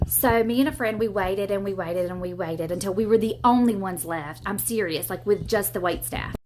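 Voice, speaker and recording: A woman's voice: medium pitch, normal speed, darkish tone. Chatty woman in her forties. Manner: chatty, holding a grudge. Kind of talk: casual storytelling.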